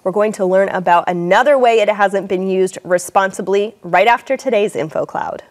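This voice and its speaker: Measured woman hosting an English lesson. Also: mid-range voice, a little hiss or hum. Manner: clear, measured, reads passages aloud.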